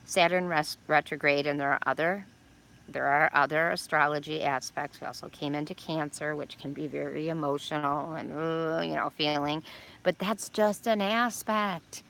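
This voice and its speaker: A woman's voice: deep voice, fairly even intonation, moderate pace, creaky, fairly bright tone. An older woman talking outdoors, giving a casual, encouraging weekly astrology message with rambling fillers. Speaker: astrology vlogger.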